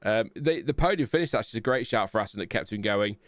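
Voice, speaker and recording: A man's voice: fairly low pitch, expressive, fast talker, no echo, clean studio sound. A man hosting a live stream, reading out chat messages in a rambling, self-mocking way with many fillers. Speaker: podcast host reading chat.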